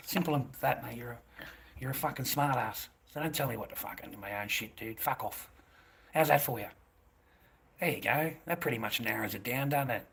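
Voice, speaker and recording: A man's voice: mid-range voice, creaky, bright, forceful tone, husky. An Australian man livestreaming to his chat, combative and swearing, with taunting insults. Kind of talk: profane livestream rant.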